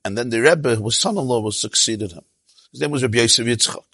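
A man giving a sermon as a rabbi, telling an animated story with quoted voices and Yiddish and Hebrew terms mixed in. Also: medium pitch, fast talker, breathy edge, dry recording. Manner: animated, tells stories with quoted voices and asides.

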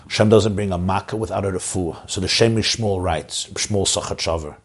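A rabbi delivers an inspirational Torah talk to community leaders, his husky voice moving at a moderate pace. His delivery is impassioned, jumping up in pitch whenever he wants emphasis.

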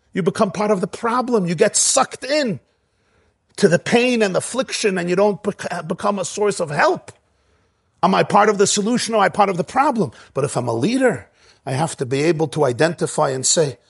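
A man with a notably high voice delivers a Torah sermon, using Ashkenazi Hebrew pronunciation. He teaches emphatically and drives his points home with rhetorical questions. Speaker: rabbi.

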